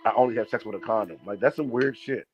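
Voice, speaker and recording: A man's voice: on the low side, fast talker, dull audio, background noise. A man in casual podcast banter, blunt and joking, defending his own odd logic. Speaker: podcast co-host. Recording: busy chatter in the background.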